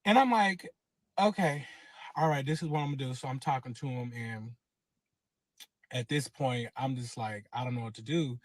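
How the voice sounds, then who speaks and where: A man, casually telling a long personal story and acting out every quote with lively cursing. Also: mid-range voice, moderate pace, pauses often, dry recording. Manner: animated, acts out quotes with cursing. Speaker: guest telling his story.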